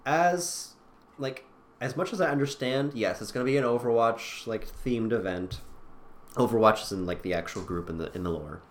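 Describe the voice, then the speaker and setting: Rambling excitable podcast co-host, man. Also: medium pitch, normal speed. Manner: rambling, excitable, lots of fillers and restarts. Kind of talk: casual podcast chat.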